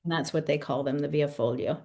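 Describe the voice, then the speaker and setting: A woman from Alabama, with no regional accent, answering interview questions in a thoughtful, soft-spoken way with pauses. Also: low voice, fairly even intonation. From Alabama, United States. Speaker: poet and guest. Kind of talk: conversational interview.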